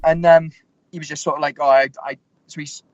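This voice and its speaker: A man's voice: on the high side, level tone, fast talker, darkish tone, dry recording, muffled recording. A young man in his twenties, a fighter, rambling through stories with lots of fillers and restarts. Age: 20s. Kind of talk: casual interview storytelling.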